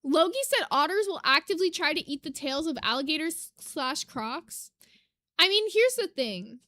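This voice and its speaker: A young adult woman streaming live, chatting casually with her chat, reading comments and getting excited, swearing casually. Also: high voice, normal speed, no echo. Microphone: desk mic.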